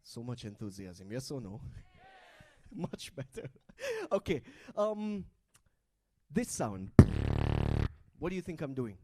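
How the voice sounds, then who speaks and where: A man's voice: medium pitch, huge pitch swings, slow, long pauses, noisy background. A man hosting a live event on stage, playfully teasing and coaxing the audience into group activities over a handheld mic. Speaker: event host.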